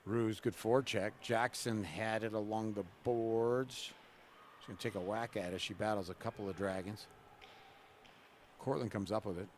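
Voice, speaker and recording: A man doing relaxed, chatty live play-by-play of a college women's hockey game at a rink. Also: lowish voice, normal speed, a little hiss or hum. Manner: relaxed, chatty, jokes with the camera person between plays. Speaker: play-by-play announcer.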